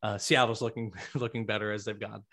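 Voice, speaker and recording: A man's voice: fairly low pitch, little pitch movement, fast, fairly bright tone. A man co-hosting a sports podcast, telling stories playfully and laughing often. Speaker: podcast co-host. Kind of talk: casual sports chat.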